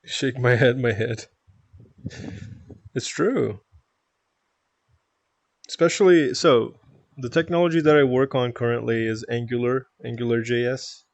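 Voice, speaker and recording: Calm, easygoing man streaming. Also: medium pitch, unhurried, vocal fry, long pauses, dry recording. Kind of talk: casual chat with viewers.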